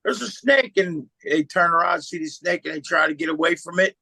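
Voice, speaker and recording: A man's voice: a little high, gravelly, sharp tone, breathy edge, no echo. A man joking around as a radio co-host, goofing and mangling tongue twisters on purpose. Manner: goofy, quick to joke and mangle lines. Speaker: show co-host. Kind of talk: joking studio banter.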